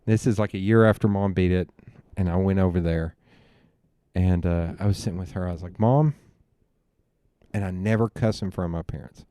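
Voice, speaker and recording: A man's voice: low voice, fairly quick, dry recording, clean studio sound. A young man hosting a podcast, telling family stories in casual chat and acting out the voices of his relatives with laughs along the way. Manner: animated storyteller, quoting family with laughs. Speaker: podcast host.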